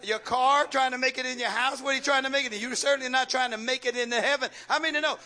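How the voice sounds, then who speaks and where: A man's voice: very high-pitched, fairly even intonation, quick pace, sharp tone. A man pastor preaching a call-and-response sermon in church, firing rhetorical questions at the congregation, coaxing and joking.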